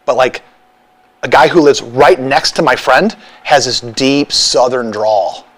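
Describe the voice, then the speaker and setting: A man's voice: mid-range voice, measured pace. A man from the Midwest co-hosting a podcast, teasing and telling stories in casual banter. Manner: teasing storyteller, acts out other people's voices. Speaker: podcast co-host.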